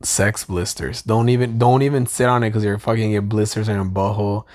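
A man's voice: lowish voice, fairly even intonation, a little fast, darkish tone. A man co-hosting a podcast in casual chat, joking crudely and swearing a lot. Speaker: podcast co-host.

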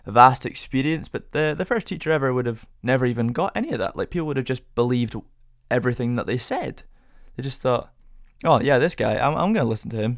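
A man's voice: medium pitch, gravelly, no echo, studio quality. A young man hosting a casual solo podcast, rambling through rhetorical questions with self-amused musing. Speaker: podcast host.

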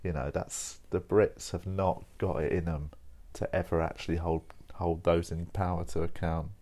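Deep-voiced rambling man. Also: flat delivery, moderate pace, dark tone. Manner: rambling, informal, swears, says "mate" and "like" a lot. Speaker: podcast host. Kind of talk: casual monologue over coffee.

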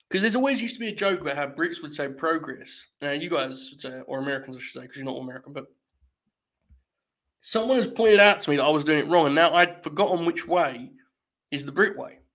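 A man's voice: a little high, fairly bright tone. A man hosting a wrestling podcast, giving rambling, wry live-stream commentary and talking to his chat.

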